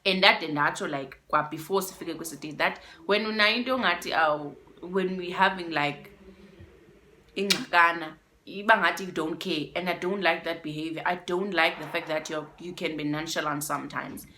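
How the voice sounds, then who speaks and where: A young South African woman with a South African accent telling a storytime vlog, animated and switching between English and isiXhosa phrases. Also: on the low side, moderate pace, slight background noise. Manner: animated, mixes in isiXhosa phrases, addresses viewers as guys. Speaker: YouTuber.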